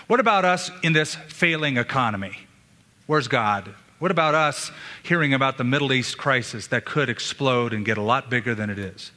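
A man's voice: mid-range voice, pushed and bright. A male pastor preaching a sermon in an earnest manner, asking rhetorical questions of his listeners. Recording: long hall reverb.

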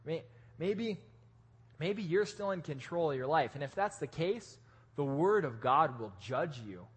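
Man, pastor, casual sermon, animated pitch, husky, echoey church hall. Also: a little slow. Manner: casual, lively, joking with restarts.

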